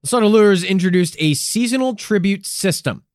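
Profane, playful man with a lively voice. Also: sits high, moderate pace, dry recording, studio quality. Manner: crude, profane, playful narration with silly vocal asides. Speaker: podcast co-host. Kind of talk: comedic history podcast.

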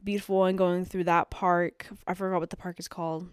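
A woman in casual chat with a friend, excitable and repetitive, full of fillers like "like" and "literally". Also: fairly low pitch, a little fast, smooth, no room sound, studio quality. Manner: excitable, repeats herself, lots of "like" and "literally". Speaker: co-host.

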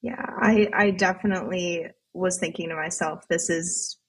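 A woman's voice: on the low side, steady tone, normal speed, breathy edge. A woman therapist, a podcast guest, talking candidly and reflectively about her own experience, laughing easily as she goes. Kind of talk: candid casual conversation.

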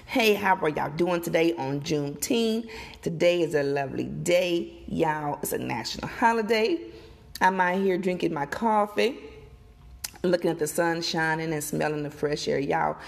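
A woman vlogger recording outdoors, giving emphatic, animated opinion commentary and talking straight to her viewers. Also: sits low, moderate pace, gravelly. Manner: emphatic, animated, repeats and addresses viewers directly. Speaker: gossip vlogger.

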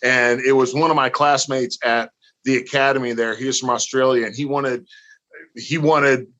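Bright-voiced man telling stories. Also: mid-range voice, normal speed, lo-fi sound. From northern Missouri, US. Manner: animated storyteller, acts out others. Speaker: guest. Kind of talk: casual storytelling interview.

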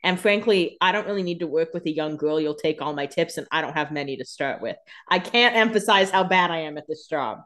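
Sarcastic woman cohost, voice a bit low, chatty podcast banter. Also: a little fast, hardly any pauses, a bit bright. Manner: wry, sarcastic asides with frequent laughs. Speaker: podcast co-host. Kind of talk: casual chat.

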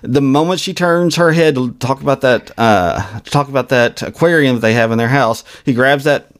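A male podcast co-host talking casually through a TV episode with a plain, mid-pitched voice. He stumbles and repeats his words, restarting as he goes. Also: moderate pace.

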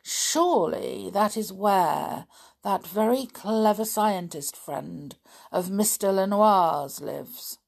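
A woman playing a tall inquisitive man, calm, probing, smooth, storybook. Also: medium pitch, slow pace, full character voice.

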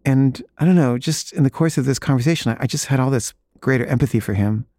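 A man tells a personal story in a relaxed, chatty way, often chuckling. His mid-pitched voice is recorded close and dry, with no room sound at all. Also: fast, dry recording. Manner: relaxed, chuckling, acts out remembered dialogue.

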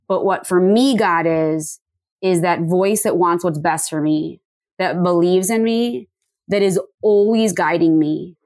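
A woman in her forties talking earnestly as an interview guest, explaining her ideas in a quick, chatty way with filler words. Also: lowish voice, no echo. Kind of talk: candid conversational interview.

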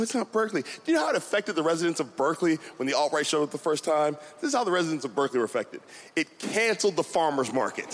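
A man performing a stand-up comedy set, telling animated stories and mocking voices. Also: a little high. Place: comedy venue with a live audience. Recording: loud crowd and noise.

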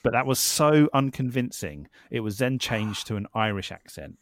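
A man's voice: on the low side, lively intonation, moderate pace, no room sound. A man casually chatting about a film as a podcast host, wry and dry in his storytelling. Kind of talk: casual chat.

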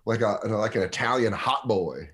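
A man's voice: on the low side, moderate pace, slight background noise. A young man, a comedian guest, telling stories casually on a podcast and acting out the quotes. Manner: animated storyteller acting out quotes.

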